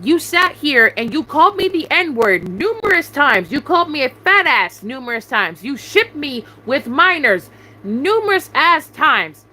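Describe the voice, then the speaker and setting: Venting on a live stream, a young adult woman YouTuber swears heavily and repeatedly demands answers from someone. Her high-pitched voice is very animated, pushed and bright, and a little slow. The audio is rough.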